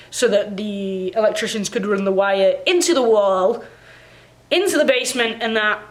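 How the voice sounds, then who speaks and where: A woman vlogging casually from her home, chatty and exasperated as she rants at the camera. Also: mid-range voice. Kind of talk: casual ranting vlog. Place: home in Canada.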